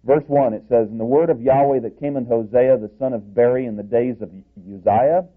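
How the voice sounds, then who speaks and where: A male preacher giving an expository sermon in a measured, explanatory way, restarting phrases now and then. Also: medium pitch, fairly even intonation. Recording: tinny phone-like sound.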